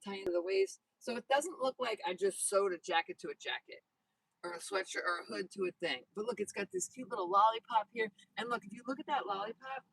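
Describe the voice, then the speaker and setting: A woman's voice: mid-range voice, animated, fast, vocal fry, a bit bright, slightly rough, no room sound, low-quality recording. A woman host chatting casually on a phone livestream outdoors by a horse paddock, upbeat and reading out viewer comments. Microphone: phone held in hand.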